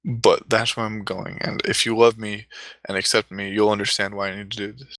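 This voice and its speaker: Brief: man doing a grave, earnest young man; lowish, bright, dry. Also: flat delivery, a little fast, no echo, close to an everyday voice. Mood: solemn. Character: earnest solemn young man, dramatic about his past.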